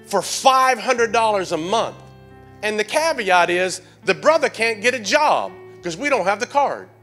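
A middle-aged male pastor preaching to his church, his fairly high voice bright and forceful. He swings between hushed, confiding passages and surging shouted calls to the congregation, with soft music playing underneath. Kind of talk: sermon.

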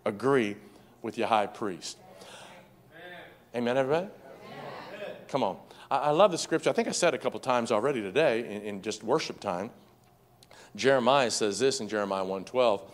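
A man's voice: medium pitch, fairly quick. A man preaching a sermon as pastor, repeating words and urging the congregation to say lines back to him. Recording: faint music behind.

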